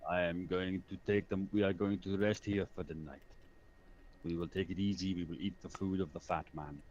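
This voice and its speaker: Man as deep, stiff-spoken bear warrior, formal commands, slightly muffled audio. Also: steady tone, moderate pace, darkish tone, close to an everyday voice. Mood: calm, commanding. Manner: stiff formal speech without contractions.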